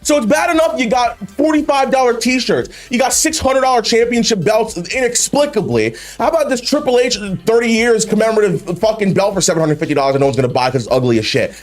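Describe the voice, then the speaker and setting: A man's voice: very high voice, lively intonation, fast talker, hardly any pauses, faint music behind. A man hosting a video, ranting about wrestling in an exasperated, profane way with heavy swearing. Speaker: YouTube host reacting to wrestling memes. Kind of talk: ranting commentary.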